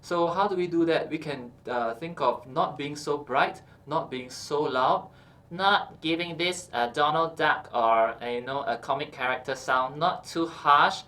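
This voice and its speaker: A man's voice: a little high, unhurried. Man coaching singing, fillers and okays. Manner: explains calmly with frequent uh and okay, breaks into short sung examples. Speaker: singing teacher. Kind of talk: instructional talk with sung demonstrations.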